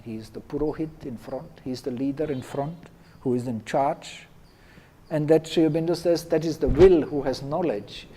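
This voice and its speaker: A man teaching a class, explaining a text and leading students in slow call-and-response chanting. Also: a little high, warm tone, slight background noise, poor audio. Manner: explanatory, leads chant slowly for students to repeat. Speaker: Veda teacher.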